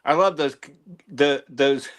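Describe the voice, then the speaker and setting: A man's voice: mid-range voice, unhurried, a bit bright. A man chatting casually on a comics show, jokey and often laughing, stumbling over his words. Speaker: panelist. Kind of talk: casual chat.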